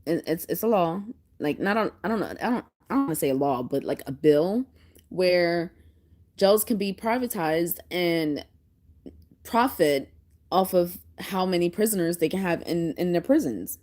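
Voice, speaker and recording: A woman's voice: on the low side, normal speed. Laughing woman chatting with live viewers. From Pennsylvania, United States. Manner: laughs often, animated storytelling with playful put-on voices. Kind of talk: casual livestream chat.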